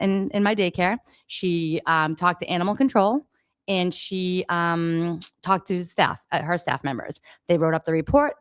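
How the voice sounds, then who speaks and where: A woman's voice: fairly low pitch, no room sound, studio quality. A middle-aged woman, a daycare owner, telling her story on a radio interview in an emphatic, exasperated way, acting out the exchanges.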